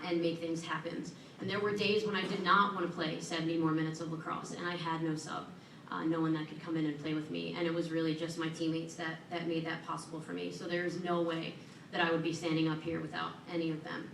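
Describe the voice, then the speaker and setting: A woman giving a heartfelt hall of fame acceptance speech at a podium, earnest and warm with self-deprecating humor. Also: low voice, flat delivery, brisk, gravelly, few pauses, a little hiss or hum. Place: large event hall at an awards ceremony. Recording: echoey room, voice from far off.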